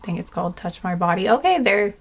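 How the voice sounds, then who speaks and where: A woman's voice: medium pitch, lively intonation, gravelly, slightly rough. A woman doing a pick-a-card reading, chatting casually and giggling now and then while she is tired with a sore back. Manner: slow, meandering, giggly, talks to viewers as guys. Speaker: tarot reader.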